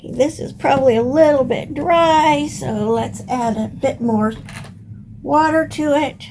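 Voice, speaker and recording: An older woman hosting a home gardening lesson, explaining step by step in a plain, unhurried way. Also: high voice, a little mellow, slight background noise. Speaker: gardening channel host. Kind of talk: instructional gardening video.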